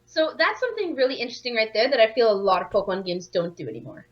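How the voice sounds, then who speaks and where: A woman's voice: on the high side, very animated, very fast. A woman bantering playfully with a friend while playing a video game, on a dull lo-fi mic. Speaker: co-host of a game playthrough. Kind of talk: casual gaming commentary.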